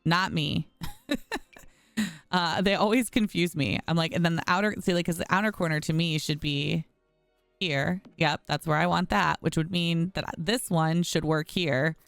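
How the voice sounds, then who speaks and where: A woman's voice: low-pitched, vocal fry, a bit bright, clean tone, no room sound. A woman streamer chatting casually through a home-building game, often exasperated and talking to her viewers. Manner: chatty, frustrated, talks to viewers as y'all. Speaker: gaming streamer. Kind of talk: casual gameplay commentary.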